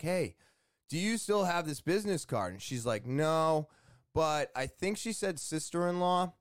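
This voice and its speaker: A man's voice: on the high side, dry recording, clean studio sound. Chatty man telling a homeowner story. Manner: chatty, animated retelling with quoted dialogue. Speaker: homeowner vlogger. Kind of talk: casual storytelling to camera.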